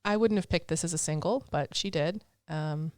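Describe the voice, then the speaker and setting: A woman's voice: sits low, normal speed, no room sound. Chatty woman podcast co-host, dry sound. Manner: chatty, reads notes, frequent ums and laughs. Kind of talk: casual chat.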